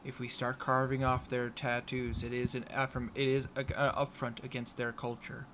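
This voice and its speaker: A man's voice: mid-range voice, little pitch movement, normal speed, a bit bright, a little hiss or hum, close to an everyday voice. A man voicing a cautious woman leader in a tabletop game, speaking earnestly and pleading for peace.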